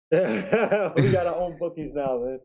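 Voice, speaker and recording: A man's voice: a little high, slow pace, darkish tone, rough recording. A man co-hosting a casual sports talk show, joking and bantering loosely. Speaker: co-host, fan commentator. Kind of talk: casual chat.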